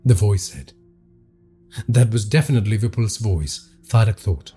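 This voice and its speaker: A man narrates a horror tale with dramatic expression. His voice is husky and mellow, and its pitch moves in an animated way. The pitch sits in a middle range. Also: normal speed, soft background music.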